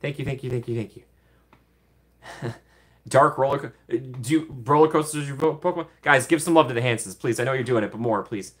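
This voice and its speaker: A man's voice: mid-range voice, fairly quick. Chatty man hosting a livestream. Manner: chatty, laughs often, gushes thanks to viewers. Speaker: livestream host. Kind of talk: casual livestream chat.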